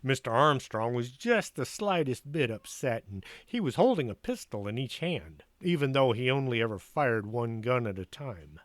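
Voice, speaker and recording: A man reading a storybook aloud in an expressive, animated way. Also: medium pitch, moderate pace, hardly any pauses, no room sound.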